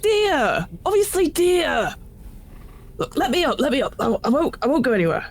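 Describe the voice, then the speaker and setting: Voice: normal speed, natural voice. The game master voicing a flustered male hunter with a British accent, stammering and apologetic. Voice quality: stammering, apologetic, higher than own voice.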